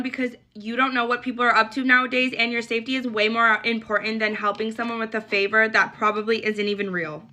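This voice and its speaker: A young woman sits in her parked car, shaken and talking urgently into her phone camera. Her voice is slightly high and bright, with a tense edge. The words tumble out fast. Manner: urgent, rapid retelling. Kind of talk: personal warning video.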